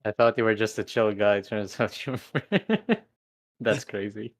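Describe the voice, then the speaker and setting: A man's voice: lowish voice, steady tone, a little slow. A young man co-hosting a casual stream, laid-back and joking. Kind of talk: casual livestream chat.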